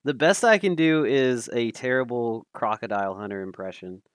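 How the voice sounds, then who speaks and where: A man casually commentating a live stream, thinking aloud with fillers, self-deprecating and quick to laugh. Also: mid-range voice, clean tone, no echo, clean studio sound.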